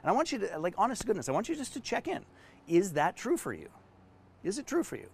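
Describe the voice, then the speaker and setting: Lively man coaching entrepreneurs. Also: high voice, fast talker, creaky, breathy edge. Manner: animated, emphatic, storytelling. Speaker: business coach. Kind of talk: live-stream teaching at a whiteboard.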